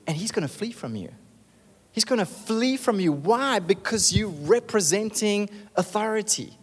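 A man, preaching an animated, emphatic sermon and calling out for amens. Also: high voice, normal speed, husky, big-room sound.

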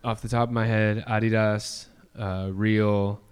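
A man with a low, smooth voice talks in a loose, rambling way, stacking up fillers and details. He sounds animated and a little nerdy in relaxed chat with friends. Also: measured pace. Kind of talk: casual chat.

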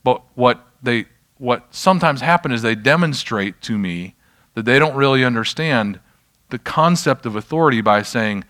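A man's voice: mid-range voice, expressive, moderate pace, a bit bright. A pastor teaching a church class in a loose, conversational way, often checking whether his listeners follow. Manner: conversational, self-deprecating, checks in with the audience. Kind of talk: informal sermon teaching. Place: church room with an audience.

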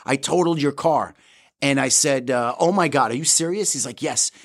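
A man's voice: medium pitch, moderate pace. A man co-hosting a casual podcast, telling rambling, self-mocking stories. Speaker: podcast co-host in recovery. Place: Florida.

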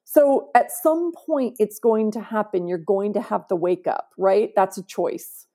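Woman guest on an interview podcast, warm and mellow tone, earnest and emphatic. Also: mid-range voice, unhurried. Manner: earnest, emphatic, often asks "right?". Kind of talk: conversational interview.

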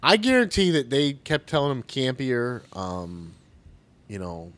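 This podcast co-host speaks at medium pitch with huge swings in pitch, a measured pace and a fairly bright tone. He chats casually, sarcastic and profane, and laughs a lot.

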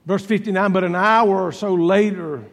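High-voiced preacher in an echoing hall. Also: male voice, fairly even intonation, normal speed. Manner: dramatic storytelling, acting out biblical dialogue with swings in volume. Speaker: pastor. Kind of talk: sermon.

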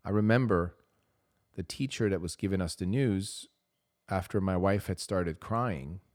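A man's voice: low-pitched, unhurried, darkish tone, no echo, studio quality. A man hosting a podcast, speaking earnestly and emphatically to parents, repeating key phrases for weight, with hesitant fillers between thoughts. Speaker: podcast host. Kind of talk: impassioned advice monologue.

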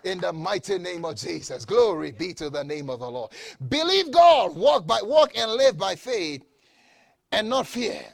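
A man preaches with a high, gravelly voice that leaps around as he drives a point home. He repeats phrases and calls for responses from the congregation, tripping over restarts along the way. The sound is close and dry, with no room around it. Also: lively intonation, moderate pace, dry recording. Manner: often stammers and restarts words. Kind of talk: sermon.

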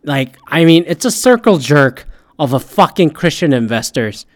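A man hosting a podcast, rambling in a casual monologue and swearing a lot, jumping between loud outbursts and mumbled asides. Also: fairly high pitch, animated, moderate pace. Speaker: podcast host.

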